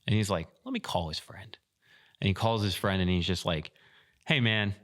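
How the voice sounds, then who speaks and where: A man co-hosting a podcast, retelling a story in a profane, animated way. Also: low voice, moderate pace. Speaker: podcast co-host, field staff. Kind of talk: casual storytelling chat.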